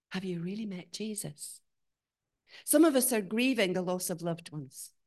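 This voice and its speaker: A woman delivers a church sermon in a mid-range voice, building to emphatic peaks and then falling to quiet, searching questions.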